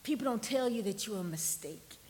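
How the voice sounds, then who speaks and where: A woman pastor, preaching a sermon in a conversational style that sometimes drops to a soft near-whisper for emphasis. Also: mid-range voice, expressive, brisk, big-room sound, a little hiss or hum. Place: church sanctuary.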